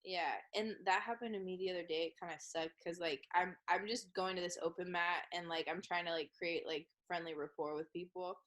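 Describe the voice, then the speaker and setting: A woman's voice: fairly low pitch, fairly even intonation, brisk, few pauses, a bit bright. A woman guest on a podcast, chatting casually and storytelling with many "like" fillers.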